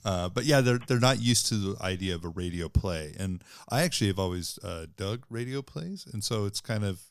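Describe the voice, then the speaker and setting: A man speaks in a very deep voice with a gravelly edge, chatting casually as a podcast cast member. He sounds thoughtful and measured. The recording is dry and close. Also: lively intonation, dry recording. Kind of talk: casual chat.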